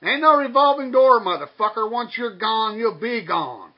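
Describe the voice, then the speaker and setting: A man's voice: high voice, lively intonation, moderate pace, highs cut off. A man delivering a blunt, heated, profanity-filled rant as a vlogger. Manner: blunt, crude, heated, swears constantly. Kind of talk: profane ranting monologue.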